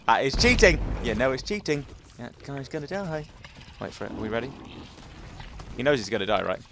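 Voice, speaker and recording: A young man giving casual, excitable commentary over gameplay. He yelps and chatters at the game as he plays. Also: medium pitch, a little fast, noisy background. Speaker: gaming commentator.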